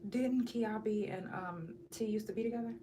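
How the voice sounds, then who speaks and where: A woman's voice: a little high, moderate pace, dark tone, slight background noise, rough recording. A woman podcast host who mostly gives brief replies and asks short questions.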